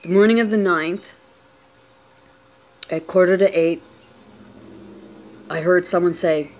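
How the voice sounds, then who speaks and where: A woman telling a personal story on camera, unscripted, talking quietly with many restarts and trailing phrases. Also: on the low side, takes it slowly, pauses often.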